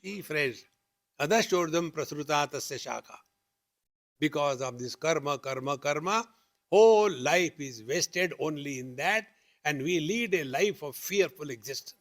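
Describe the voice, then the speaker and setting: A man's voice: fairly high pitch, measured pace. A man giving a spiritual discourse at a retreat, telling stories and acting out both sides of the dialogue with rising questions. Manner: lively storytelling, acts out dialogue with rising questions. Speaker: spiritual teacher. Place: retreat hall.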